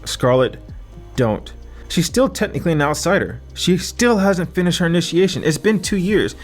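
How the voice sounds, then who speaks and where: A commanding woman who keeps her fury under tight control, as a male reader voices her. Her lines come firm and measured, pitched a little above the narration. Quiet music runs underneath. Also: expressive. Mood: stern. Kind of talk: audiobook character voice.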